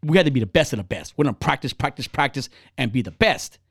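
A man's voice: quick pace, husky, no echo, clean studio sound. A man in his thirties in casual chat, telling stories bluntly with lots of profanity and acting out the people he quotes. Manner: blunt, profane, animated storytelling; acts out quoted people with big pitch jumps.

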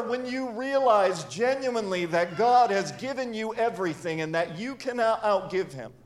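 A man, a pastor, preaching a sermon in an earnest, conversational way, mixing scripture with personal stories. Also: very high voice. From grew up in a church with many missions givers.

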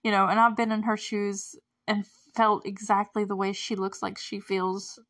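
A woman's voice: mid-range voice, level tone, normal speed, fairly bright tone. A young woman casually recapping a TV episode, chatty and filler-heavy, laughing often. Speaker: show recapper.

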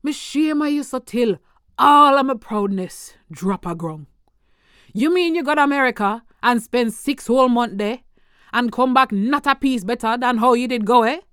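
A woman putting on a disappointed Jamaican mother, high and reproachful, stretching out her words as she scolds her grown son in a poem reading. Her voice is smooth and clean, recorded dry and close. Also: fairly bright tone, dry recording, close to an everyday voice. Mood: scolding. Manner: reproachful, drawn-out exclamations.

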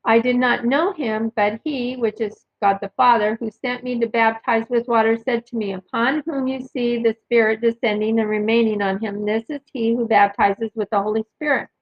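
A woman's voice: fairly high pitch, fairly even intonation, moderate pace, few pauses, dull audio. Woman reading Bible verses aloud. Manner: reads verses aloud, adds asides and references. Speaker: podcast host reading scripture. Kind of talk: casual Bible reading with commentary.

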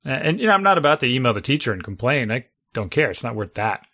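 A man's voice: medium pitch, very animated, quick pace, sharp tone. A middle-aged man chatting casually as a podcast co-host, reflective, thinking aloud and laughing often. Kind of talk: casual chat.

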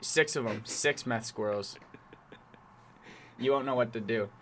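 A man's voice: medium pitch, unhurried, fairly bright tone, slight background noise. A young man co-hosting a podcast, chatting casually, laughing a lot and swearing as he rambles through stories. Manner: crude, laughing, rambling storyteller. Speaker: podcast co-host. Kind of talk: casual chat.

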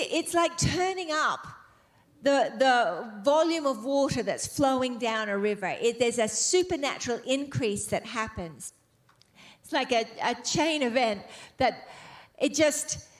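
Fervent female preacher, high voice, builds from hushed phrasing to loud passionate peaks. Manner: fervent, building to emphatic exclamations. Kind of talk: sermon.

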